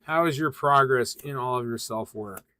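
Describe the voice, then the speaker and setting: A man giving live tarot readings in a loose, easygoing way, drifting through his thoughts with frequent ums and uhs. His voice sits at an ordinary middle pitch. The sound is dry and close, with no room echo. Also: normal speed. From western Massachusetts. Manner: relaxed, rambling, many ums and uhs. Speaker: tarot reader hosting a livestream. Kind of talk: casual livestream tarot reading.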